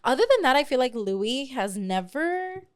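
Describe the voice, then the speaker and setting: Animated young woman telling a story. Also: sits high, normal speed. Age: 20s. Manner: animated storyteller, swears freely, slips into Spanish phrases. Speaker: podcast co-host. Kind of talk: casual storytelling chat.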